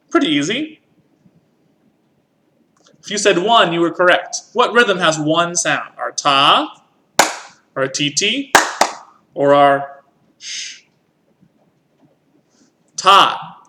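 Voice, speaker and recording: Bright-voiced male music teacher. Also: on the high side. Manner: patient, counts in and sings along. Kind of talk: online music lesson.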